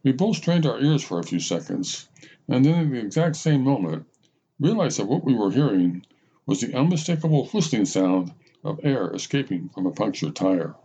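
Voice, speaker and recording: A man's voice: mid-range voice, very animated, moderate pace, mellow, slightly rough. A man hosting a podcast and reading his own story aloud in the first person, wry and self-mocking. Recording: slightly dull lo-fi recording.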